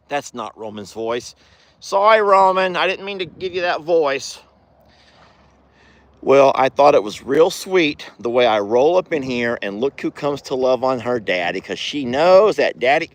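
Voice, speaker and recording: A man's voice: fairly high pitch, animated, normal speed, dry recording. An older man, a rancher who chats casually to the camera and exclaims fondly at his animals. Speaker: rancher vlogger.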